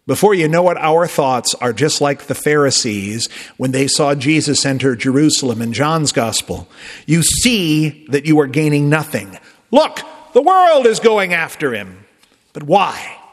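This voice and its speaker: A male pastor preaching a sermon in a conversational way, with emphatic rises and soft drops. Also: fairly high pitch, sing-song, a little slow. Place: church sanctuary. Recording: long reverb of a church.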